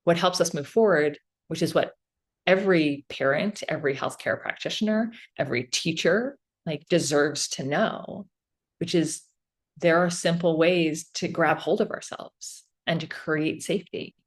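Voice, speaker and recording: A woman's voice: low-pitched, measured pace, slightly rough. A woman guest on a podcast, explaining ideas in a casual, earnest way and often checking in with "right?".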